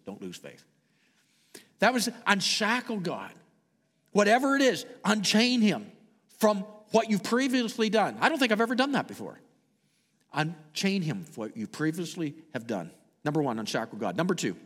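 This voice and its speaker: A Canadian man preaching a sermon and telling stories, swinging dramatically between loud and hushed delivery. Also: fairly high pitch, long reverb tail. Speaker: pastor. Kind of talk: sermon with storytelling.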